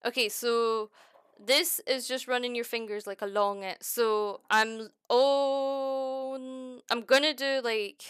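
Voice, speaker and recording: Excitable Scottish woman, bright close voice. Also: fairly high pitch, slow, clean tone, dry recording. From Scotland. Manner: excitable, exclaiming and swearing often. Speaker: streamer. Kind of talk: casual crafting chat.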